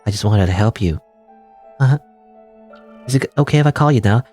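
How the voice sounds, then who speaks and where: A man's voice: fairly low pitch, animated, a little fast, darkish tone, faint music behind. A man voicing a clingy, obsessive young female student who stalks her senior, in an anxious, pleading manner.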